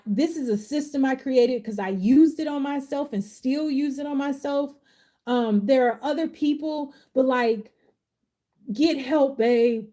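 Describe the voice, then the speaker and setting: A woman's voice: sits high, warm tone. Heartfelt woman giving a tarot reading. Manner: heartfelt, casual slangy talk. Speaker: tarot reader and life coach.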